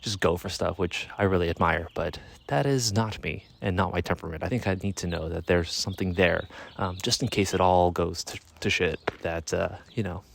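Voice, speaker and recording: A man's voice: low-pitched, steady tone, a little fast, creaky, hardly any pauses, fairly bright tone, a little hiss or hum. A man in his thirties talking casually outdoors in a vlog, rambling and correcting himself with a wry tone. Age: 30s. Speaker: musician vlogger. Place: outdoors in a yard on a sunny day.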